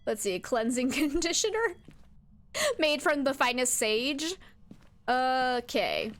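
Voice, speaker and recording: A woman's voice: sits high, slow, long pauses, a bit bright. A young woman streaming a horror game, chatting to her viewers and talking back to the ghost with jumpy outbursts. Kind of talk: live game commentary.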